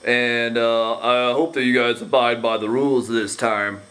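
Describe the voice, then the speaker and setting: A man's voice: mid-range voice, level tone, a little slow, a bit bright, close to an everyday voice. A man doing an officious debate moderator impression.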